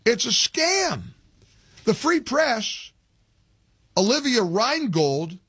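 A man's voice: high voice, fairly bright tone, husky, dry recording. A man hosting a talk radio show, commenting emphatically and indignantly from a studio microphone. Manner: emphatic, indignant, with frequent restarts.

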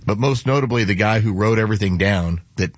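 A man in casual talk show chat, speaking heatedly and getting louder when indignant. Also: fairly low pitch, quick pace, no echo, dull audio.

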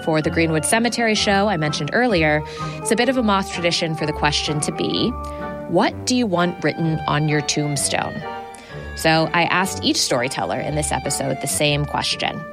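A woman hosts a radio storytelling program in a lowish voice, reading a measured scripted introduction. Music plays clearly under her words. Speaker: radio show host. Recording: studio read with music bed.

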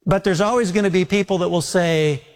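A man preaching a sermon with homespun stories, slowing down to lean on scripture. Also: sits high. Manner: folksy storytelling preacher, slows down for scripture. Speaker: pastor.

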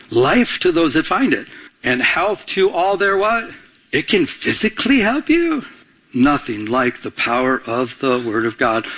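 Man, pastor, husky voice, fairly high pitch, call-and-response sermon. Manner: call-and-response with the congregation, rising to excited bursts.

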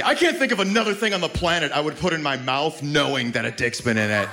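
Man, stand-up comic, brash and profane, lively swooping pitch, noisy club recording. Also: fairly quick, creaky, hardly any pauses. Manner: brash, profane, shouting punchlines. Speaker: stand-up comedian. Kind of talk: stand-up set. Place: comedy club before a live audience.

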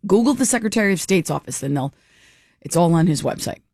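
A woman hosts morning talk radio in a chatty, animated way, slipping into little acted-out exchanges. Her voice sits low for a woman. The studio sound is dry and close. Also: quick pace, creaky, husky, no room sound. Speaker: radio talk show host. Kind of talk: casual talk radio commentary. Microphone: studio microphone.

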